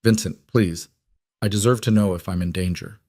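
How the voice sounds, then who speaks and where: A man's voice: low voice, steady tone, moderate pace, mellow, no room sound, studio quality. A man voicing an anxious young woman, a nursing assistant, pleading and worried in an audiobook reading.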